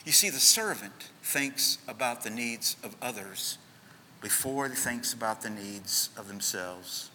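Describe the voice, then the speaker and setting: Male pastor preaching with a sharp, tense edge, swinging loud and hushed, reverberant church hall. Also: medium pitch, lively intonation, a little slow, slight background noise. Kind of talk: sermon.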